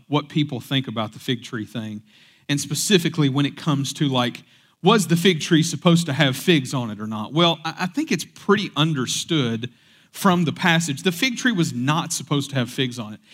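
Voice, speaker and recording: A man's voice: mid-range voice, fairly bright tone. A young adult man preaching a casual sermon, mixing scripture reading with joking asides, fillers and restarts. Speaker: pastor. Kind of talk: conversational sermon.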